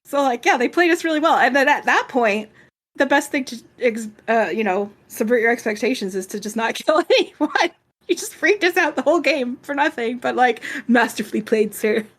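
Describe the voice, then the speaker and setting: A woman co-hosting a game podcast in casual chat, animated and quick to swear and laugh. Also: fairly high pitch. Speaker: podcast co-host.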